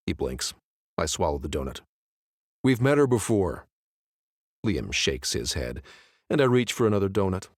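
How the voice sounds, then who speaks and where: A man with a fairly low voice reads a first-person romance audiobook. His delivery is casual and wry, like someone telling a friend a story. The recording is close and dry, with no room sound. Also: dry recording. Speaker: audiobook narrator.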